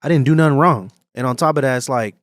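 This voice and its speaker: A man hosting a casual podcast interview, relaxed, often murmuring agreement. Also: medium pitch, quick pace, no room sound, studio quality. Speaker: podcast host.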